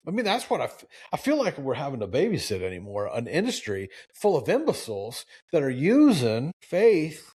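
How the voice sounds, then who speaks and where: A man in his forties hosting a live talk show, preachy and animated, with lots of restarts and acted-out quotes. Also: on the high side, normal speed, slightly rough. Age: 40s. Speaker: show host.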